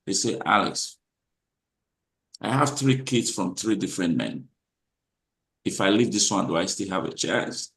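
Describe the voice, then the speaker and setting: A man hosting a motivational talk, speaking with a preacher-like, emphatic delivery that rises into loud, repeated lines. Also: animated, measured pace, vocal fry, pauses often, reverberant. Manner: preacher-like, swings to loud high emphatic repetition. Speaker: host.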